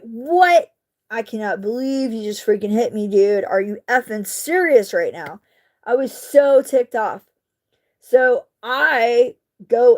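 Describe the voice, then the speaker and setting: Indignant woman telling a story. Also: a little high. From southeastern United States. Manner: animated, indignant, swears mildly. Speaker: vlogger. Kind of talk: casual storytelling while crafting.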